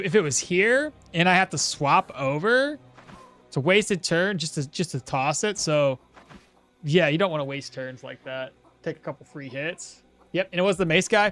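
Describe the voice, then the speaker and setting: A young man streams a game, chatting casually and responding to viewer questions while playing. His voice is high with a fairly bright tone, recorded dry, in casual live-stream commentary.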